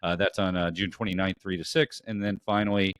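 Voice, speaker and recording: Low-voiced male podcast host, dry. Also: little pitch movement, brisk, a bit bright, clear, resonant tone, no echo. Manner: rambling with frequent fillers and restarts. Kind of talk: casual podcast chat.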